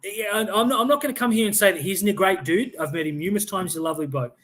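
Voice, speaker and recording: A man's voice: high-pitched, very fast, fairly bright tone. An Australian man hosting a fan sports chat, blunt and opinionated, swearing freely and often restarting his sentences. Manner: frequent restarts and stammered repeats. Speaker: fan podcast host. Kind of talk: casual live-stream sports chat.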